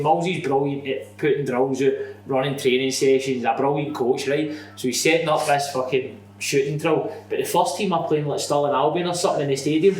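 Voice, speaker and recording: A young Scottish man telling sweary, animated stories on a podcast, laughing through them. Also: fairly high pitch. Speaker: podcast guest. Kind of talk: casual anecdote telling. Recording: echoey room, distant mic.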